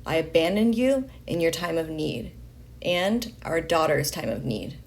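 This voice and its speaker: A woman reading a letter aloud in a slow, deliberate way, pausing between phrases. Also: sits low, animated. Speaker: reader of a letter.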